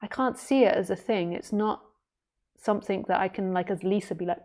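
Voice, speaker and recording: A woman spiritual teacher answering viewer questions on a livestream, talking in a gentle, meandering, relaxed way. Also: medium pitch, normal speed.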